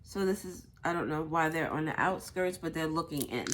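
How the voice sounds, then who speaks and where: A woman's voice: deep voice, normal speed, background noise. A woman doing a casual tarot reading, thinking aloud, blunt and a bit profane. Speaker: tarot reader.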